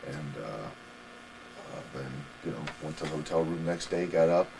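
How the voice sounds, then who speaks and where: A man telling wrestling stories as a guest in a shoot interview, animated and laughing as he goes. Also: extremely low pitch, moderate pace, creaky, noisy background. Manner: animated, laughing anecdotal storytelling.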